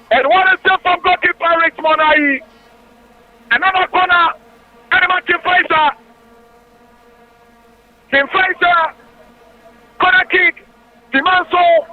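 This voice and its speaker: A man giving excited live football commentary on radio, calling out player names in quick play-by-play. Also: very high voice. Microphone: radio studio mic. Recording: tinny radio broadcast line.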